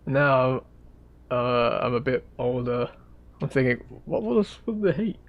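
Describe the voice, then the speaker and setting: An art streamer chats and rambles in a laid-back way while sketching live, trailing off to mutter as he draws. His medium-pitched voice is expressive, slow and creaky, and the recording is muffled.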